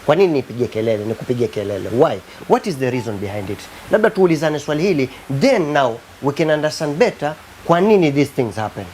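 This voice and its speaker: A co-host in a TV studio talks quickly, and the pitch swings widely. The questions come playfully but insistently, with faint hiss behind. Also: big pitch swings, a little mellow. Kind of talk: TV talk show chat.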